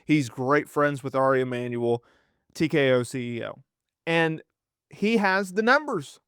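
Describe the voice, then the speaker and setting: A man giving opinionated wrestling news commentary, animated and sarcastic, often acting out quotes in mock voices. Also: mid-range voice, unhurried, clear, resonant tone, dry recording, studio quality.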